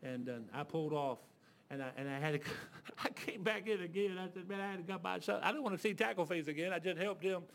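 A man's voice: sits high, fairly quick, fairly bright tone. A man preaching a storytelling sermon. He talks in a folksy way, restarts his sentences often and acts out the voices of the people in his stories. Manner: folksy, with restarts and filler words.

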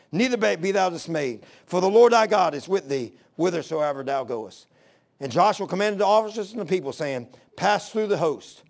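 A man preaches with folksy fervor, his voice pitched high for a man. A gravelly rasp runs through his delivery as he moves between plain talk and scripture. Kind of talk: sermon.

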